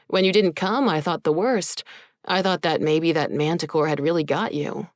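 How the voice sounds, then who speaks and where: A woman's voice: low-pitched, moderate pace, no room sound, studio quality, close to an everyday voice. A woman doing a wry teenage boy. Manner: joking, wry.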